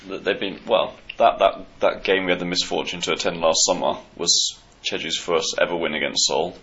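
A man's voice: sits low, fairly even intonation, normal speed, sharp tone. A man co-hosting a casual football podcast with dry, blunt banter. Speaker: podcast co-host. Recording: slightly dull, lo-fi.

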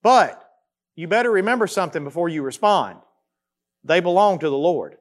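A man, preaching a sermon as pastor, swinging between loud emphasis and quiet, slow repetition. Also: high voice, animated.

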